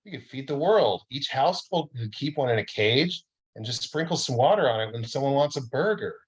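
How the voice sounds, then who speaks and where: A man's voice: medium pitch, animated, brisk, breathy edge, pitched above the performer's own voice, rough recording. A man voicing a zealous male food scientist who talks bluntly and emphatically.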